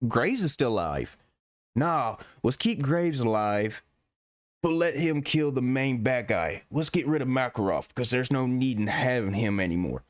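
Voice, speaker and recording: A man rants through a gaming commentary, cursing and exasperated. His voice sits at an ordinary pitch. The recording is dry and close, with no room sound. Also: big pitch swings, moderate pace, dry recording. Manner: profane, exasperated ranting. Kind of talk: ranting video commentary.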